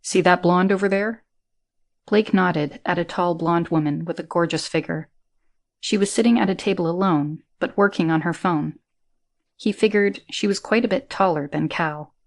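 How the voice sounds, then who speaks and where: A woman narrating a science fiction audiobook in a measured, even manner. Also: fairly low pitch.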